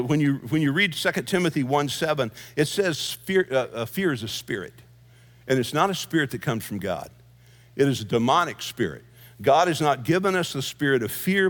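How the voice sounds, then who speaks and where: A man's voice: on the high side, fairly bright tone. A middle-aged man, a senior pastor preaching a sermon in a conversational storytelling way, with asides and easy laughs.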